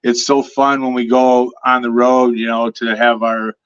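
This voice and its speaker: A man from the Detroit area chatting as a guest on a podcast, telling lively stories and acting out what other people said. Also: medium pitch, measured pace, smooth, muffled recording. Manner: storytelling, animated quoting of others. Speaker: guest superfan. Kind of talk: casual podcast chat.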